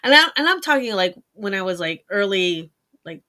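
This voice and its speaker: A woman from Puerto Rico co-hosting a casual chat show, telling lively stories, acting out quoted voices and laughing often. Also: mid-range voice, moderate pace. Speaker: co-host.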